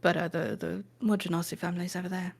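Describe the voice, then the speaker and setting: A woman's voice: fairly low pitch, flat delivery, quick pace, creaky. A woman narrating a tabletop game as game master, casual and full of fillers, now and then putting on voices for characters.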